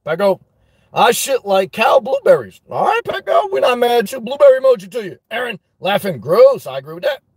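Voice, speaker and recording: Loud high-voiced man ranting. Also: fairly quick, slightly rough, dry recording. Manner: animated, loud, swears a lot, repeats himself. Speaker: livestream host reading chat. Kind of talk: casual livestream rant.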